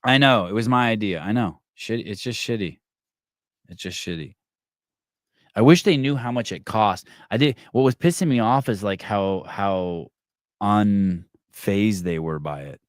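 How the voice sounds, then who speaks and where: Profane, low-voiced man telling a story. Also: normal speed, no echo, studio quality. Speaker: podcast host. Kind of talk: casual storytelling and reading comments.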